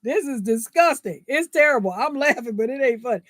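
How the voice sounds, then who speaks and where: A woman hosts her own vlog, talking to viewers in a loose, indignant monologue. Her voice sits on the high side and she laughs as she talks, tossing out rhetorical questions. The sound is close and dry, with no room echo. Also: brisk. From United States. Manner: animated, indignant, laughs mid-sentence, asks rhetorical "right?". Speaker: vlogger, channel host. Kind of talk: casual opinion monologue to viewers.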